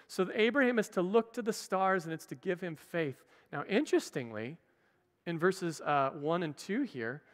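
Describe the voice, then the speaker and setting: A man's voice: high voice, a bit bright. A man preaching a sermon as pastor, teaching conversationally with playful asides to the congregation. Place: church hall. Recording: church livestream with long reverb.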